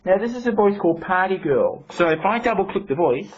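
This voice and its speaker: Person demoing some software, chatty with lots of restarts, muffled, bit of hiss. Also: mid-range voice, lively intonation. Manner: explanatory, halting restarts. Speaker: product reviewer. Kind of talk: casual demonstration. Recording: dull home recording, faint hiss.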